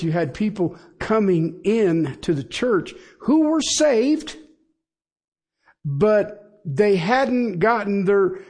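A man's voice: high voice, a little mellow. A middle-aged man preaching a sermon in a conversational way, with asides and rhetorical questions to the congregation. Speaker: pastor.

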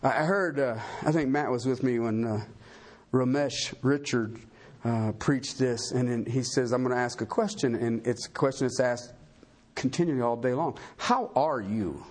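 Folksy pastor with a husky voice. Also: male voice, mid-range voice, moderate pace, a little mellow. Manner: folksy, self-deprecating humor with rhetorical questions. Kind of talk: sermon.

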